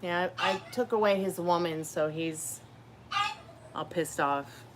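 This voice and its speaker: A woman's voice: fairly low pitch, unhurried. A woman doing a live tarot reading, chatting casually and calling her viewers dear. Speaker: tarot reader. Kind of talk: casual live-stream chat. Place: at home. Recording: noisy home live stream.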